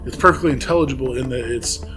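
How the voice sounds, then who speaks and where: A man's voice: mid-range voice, fast talker, music in the background. A man co-hosting a podcast, casually retelling a case with fillers and laughs. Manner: conversational storytelling with fillers and laughs. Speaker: podcast co-host. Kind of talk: casual chat.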